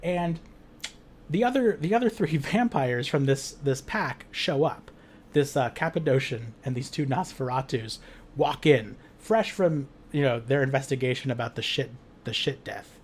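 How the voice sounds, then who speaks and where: This game master's voice is mid-range and animated, moving at a moderate pace against slight background noise. He retells a tabletop session loosely, rambling, swearing, laughing a lot and leaning heavily on "like."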